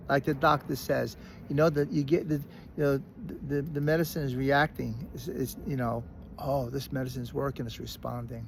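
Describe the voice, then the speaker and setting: A man with a Brooklyn accent telling a personal story in a casual, animated way, often restarting and repeating words. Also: medium pitch, normal speed, vocal fry, slight background noise. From Brooklyn, New York. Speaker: recovery speaker.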